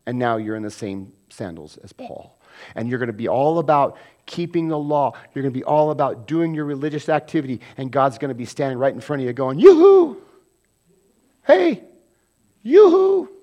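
A man preaching a sermon as pastor, animated, acting out quoted voices and swinging from loud bursts to hushed asides. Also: medium pitch, brisk.

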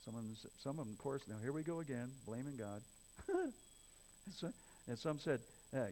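A man's voice: mid-range voice, lively intonation, normal speed, mellow, low-quality recording. A man preaching a sermon, reading scripture aloud and explaining it in earnest, rising to emphatic passages. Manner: earnest, builds to emphatic raised passages, some stumbles and restarts. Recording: faint mains hum.

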